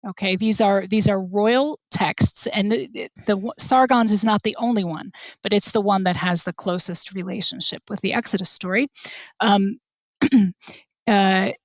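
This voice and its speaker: A woman's voice: medium pitch, fairly even intonation, unhurried, no room sound. A woman guest scholar explaining her research on a podcast, thoughtful and hesitant, with fillers and restarts.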